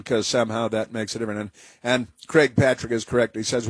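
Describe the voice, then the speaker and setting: A man's voice: medium pitch, fairly even intonation, brisk, husky, no echo. A male talk radio host speaking in a rambling, sarcastic monologue full of fillers and restarts.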